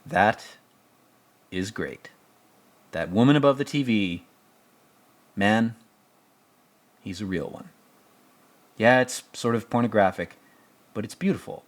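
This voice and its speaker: A man's voice: lowish voice, takes it slowly, long pauses. A man giving casual film commentary as host, rambling, jokey and profane.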